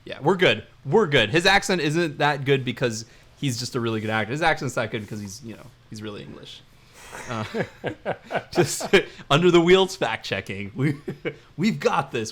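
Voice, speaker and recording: A man's voice: medium pitch, a bit bright, a little hiss or hum. A man co-hosting a podcast, chatting casually and jokingly as he retells scenes from a show. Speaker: podcast co-host. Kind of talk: casual chat reviewing a TV series.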